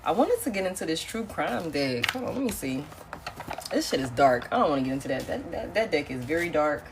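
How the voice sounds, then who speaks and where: A woman's voice: low voice, sing-song, a little fast, noisy background. A woman doing a casual live-stream tarot reading, chatty and repetitive, often calling her viewers y'all. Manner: casual, chatty, repeats herself, says y'all, laughs often. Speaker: tarot reader.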